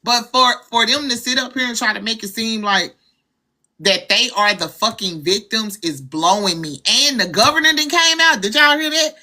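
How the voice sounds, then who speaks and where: Southern woman, livestream host, blunt and profane, bright voice, a bit high. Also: normal speed. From Arkansas, US. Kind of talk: casual livestream chat.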